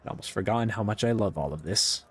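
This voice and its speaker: A man's voice: fairly low pitch, fast talker, slightly rough. A man reading aloud the lines of a cocky, bloodthirsty male gang boss.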